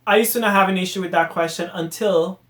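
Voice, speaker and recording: Exasperated high-voiced man. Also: quick pace, reverberant. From Haiti. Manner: animated and exasperated, fading to muttered asides. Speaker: podcast host. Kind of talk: casual solo rant.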